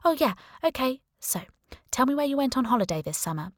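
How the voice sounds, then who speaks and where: Bubbly teenage girl voiced by a woman, breezy, excitable, bright and high-pitched. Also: a little fast, no echo, studio quality.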